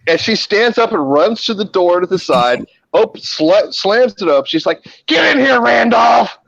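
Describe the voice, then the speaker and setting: A lively, swinging man's voice tells wild hospital stories in a loose group chat, swearing and acting out patients. The sound is dry and close, a little dull in the highs. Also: a little slow, no echo. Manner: animated, swearing, acts out voices in his stories. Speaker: hospital emergency room worker. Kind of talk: casual group chat, storytelling.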